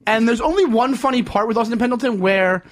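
Excitable swearing man chatting about movies. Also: very high-pitched, fast talker. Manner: excitable, swearing, laughs while retelling scenes. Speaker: podcast host. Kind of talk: casual chat.

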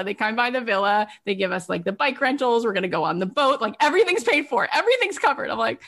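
A middle-aged woman business coach telling her students emphatic, animated stories. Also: on the high side, fast talker, few pauses. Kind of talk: coaching talk.

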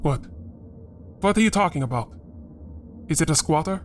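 A man's voice: fairly high pitch, lively intonation, normal speed, faint music behind, lightly acted. A man playing an irritable, grumpy man who speaks curtly. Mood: irritated. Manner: curt, snappish.

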